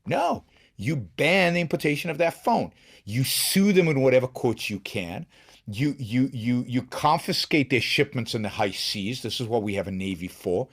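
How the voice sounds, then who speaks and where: A man's voice: medium pitch, lively intonation, moderate pace. A middle-aged man hosting a solo political commentary show, talking emphatically with frequent restarts and repeated words. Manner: emphatic, with many restarts and repetitions. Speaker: show host.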